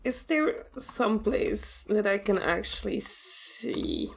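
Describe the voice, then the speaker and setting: A woman's voice: medium pitch, animated, takes it slowly, creaky, a little hiss or hum. A woman co-hosting a podcast in casual chat, thinking aloud as she reads, with dry humor. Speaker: podcast co-host and episode editor. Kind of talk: casual chat about tabletop games.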